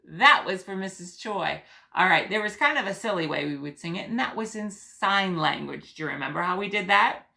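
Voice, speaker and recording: A woman teaching preschoolers, speaking slowly and gently with lots of encouragement. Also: on the low side, animated, gravelly. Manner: slow, gentle and encouraging, sings call-and-response songs. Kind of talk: teaching young children on video.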